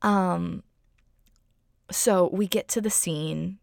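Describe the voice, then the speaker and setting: Young woman host, very creaky voice, dry close sound, chatty and effusive storyteller. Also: lowish voice, normal speed, no echo. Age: young adult. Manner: chatty, gushing, heavy use of "like" and "um". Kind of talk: casual personal storytelling.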